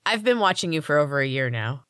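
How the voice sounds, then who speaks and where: A woman's voice: low-pitched, sing-song, fast talker, fairly bright tone, clean tone, no room sound, studio quality. A woman reading the part of a menacing, mocking teenage girl with strange powers, speaking in a sly, taunting way.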